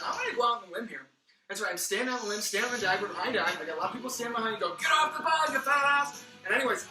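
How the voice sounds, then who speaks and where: Hosting a fantasy football league, this man races through a mock sports-analyst preview and keeps wandering off into pun tangents. His high-sitting voice sounds slightly worn, like he's losing it. He's picked up from a distance in a roomy space, with music in the background.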